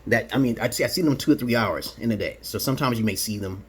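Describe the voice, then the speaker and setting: Talking fast in a medium-pitched voice, a man from Brooklyn, New York delivers a rambling, casual vlog monologue that's boastful, provocative and full of profanity, peppered with "okay?" after his points. There's slight background noise.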